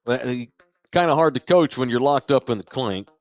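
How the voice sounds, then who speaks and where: A man's voice: medium pitch, moderate pace. A man hosting a podcast, making crude jokes in a casual chat. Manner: profane, joking, wisecracking. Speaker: podcast host.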